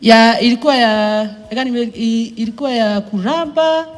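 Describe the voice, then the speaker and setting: Animated Kenyan woman telling her story in a hall. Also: a little high, a little fast, faint music behind. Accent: Kenyan English. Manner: animated, mixing in Swahili, acts out quotes. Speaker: speaker sharing her career story. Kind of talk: personal storytelling talk to a live audience.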